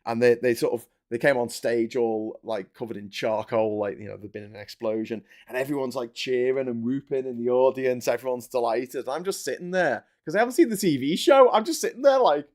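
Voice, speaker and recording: A man's voice: mid-range voice, fairly quick. Rambling man chatting on a stream. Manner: rambling, animated, swears casually. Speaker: livestream host. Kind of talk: casual live-stream chat while building.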